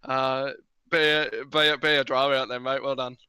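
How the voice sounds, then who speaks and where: A man's voice: medium pitch, flat delivery, normal speed, sharp tone, smooth, no echo. A man co-hosting a racing stream, teasing guests and saying "mate" constantly. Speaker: esports race co-host. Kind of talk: casual live-stream interview chat.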